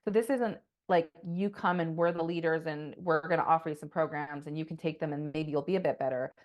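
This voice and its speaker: A woman's voice: deep voice, little pitch movement, fast, muffled recording. A woman co-hosting a podcast, talking in a passionate, rambling way, swearing often and saying "like" a lot. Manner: passionate, profane, rambling with many "like"s. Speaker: podcast co-host. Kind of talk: casual podcast monologue.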